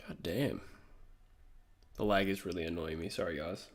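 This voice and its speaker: A man's voice: low-pitched, normal speed. A young Australian man hosting a live stream, chatting casually and answering his viewers' messages.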